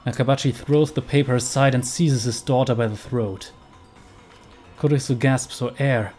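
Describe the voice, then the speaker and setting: Let's player, man, tense game narration, medium pitch. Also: fairly even intonation, moderate pace, a little mellow, faint music behind. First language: German.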